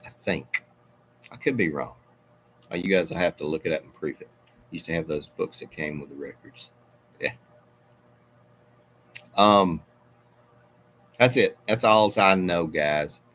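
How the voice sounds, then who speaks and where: Middle-aged male livestream host, deep voice, unhurried, meandering chat with viewers. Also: fairly bright tone. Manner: rambling, meandering, self-interrupting. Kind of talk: casual live chat reading viewer comments.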